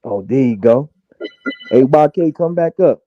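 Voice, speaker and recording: A man's voice: medium pitch, expressive, unhurried, dry recording, soft background music. Brief: man, mocking stream arguer, tinny phone-like line, dry. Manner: taunting, talks over others. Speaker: live stream participant. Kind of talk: heated argument on a live stream.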